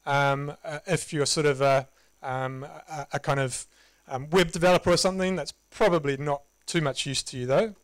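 Relaxed New Zealand man giving a talk. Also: fairly high pitch, moderate pace, no echo, low-quality recording. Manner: relaxed, conversational, self-deprecating humor. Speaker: conference presenter. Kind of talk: casual live tech talk. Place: meetup presentation room.

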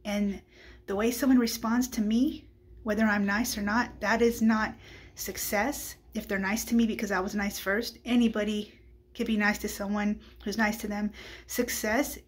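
A woman's voice: medium pitch, little pitch movement, moderate pace, slightly rough. A woman giving a personal Christian testimony in a candid, conversational way, often tossing in "like" and "right?".

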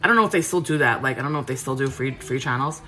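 A woman's voice: very deep voice, lively intonation, rapid-fire, bright, forceful tone. A woman, chatting casually with viewers on a livestream from her home kitchen, frank and full of fillers. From Queens, New York. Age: 30s. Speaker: cooking livestream host. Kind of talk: casual live chat answering viewers.

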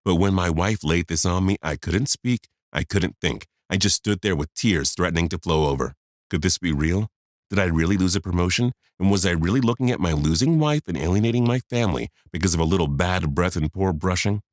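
Very deep-voiced man telling a story. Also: expressive, a little fast, no echo, studio quality. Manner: confiding, talks straight to the listener. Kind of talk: first-person storytelling narration.

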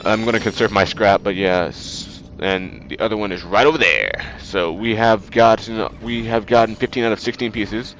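With a congested nose and a bit of brightness in his low-leaning voice, a man gives chatty, rambling game commentary for a let's play, packed with fillers, at normal speed with few pauses. The recording is dull and lo-fi, with slight background noise and faint game music.

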